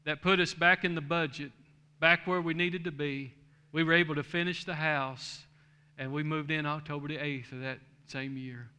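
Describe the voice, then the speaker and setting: A man's voice: on the high side, fairly even intonation, normal speed, sharp tone, clear, resonant tone. A middle-aged man, a pastor, telling a story in a sermon and building to a fervent preaching cadence, in a church sanctuary.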